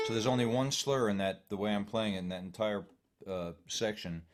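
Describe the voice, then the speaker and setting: A man teaching a fiddle workshop online, calmly walking students through bowing patterns step by step. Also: fairly low pitch, a little fast. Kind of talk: online music workshop instruction. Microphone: home computer mic on a video call. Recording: loud fiddle music throughout.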